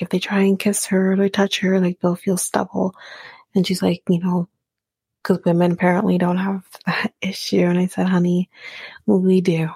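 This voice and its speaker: Gravelly-voiced woman podcast host. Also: fairly low pitch, a little mellow, no echo. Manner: chatty, opinionated, swears freely, frequent ums. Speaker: podcast host recapping a reality show. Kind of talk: casual podcast recap and ad read.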